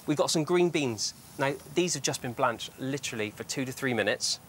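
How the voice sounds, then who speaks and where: A man's voice: mid-range voice, animated, fairly quick, a bit bright, slight background noise. A man demonstrating a recipe on a TV show, chatty and full of tips. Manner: chatty, upbeat, giving tips. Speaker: TV chef. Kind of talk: cooking demonstration. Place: TV studio kitchen.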